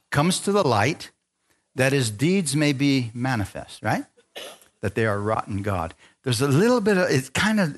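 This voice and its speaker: A pastor delivers a sermon, calling out to the crowd for amens in call-and-response fashion. He moves from low asides to loud, rising exhortation, sprinkling in self-deprecating jokes.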